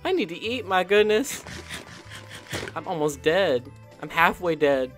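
A channel host giving casual, chatty commentary over a game, excitable and full of gasps and little coos. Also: medium pitch, unhurried, faint music behind.

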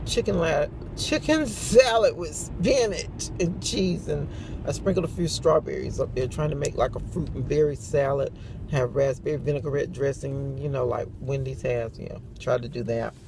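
A woman's voice: extremely low pitch, steady tone, normal speed, vocal fry, noisy background. A middle-aged woman chatting casually to a phone camera, telling stories with lots of laughter. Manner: chatty storytelling with frequent laughs. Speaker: vlogger. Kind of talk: casual morning chat.

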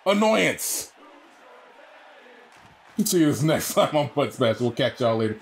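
A man's voice: medium pitch, brisk, breathy edge, some chatter behind. A man hosting a let's play, exasperated and swearing as he rants at the game while he plays. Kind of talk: gaming commentary.

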